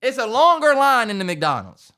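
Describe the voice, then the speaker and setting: A young man co-hosting a podcast, telling a story in casual chat, animated and laughing as he acts out the people in it. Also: very high-pitched, moderate pace. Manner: animated storyteller, acts out quoted voices, laughs through his stories. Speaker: podcast co-host.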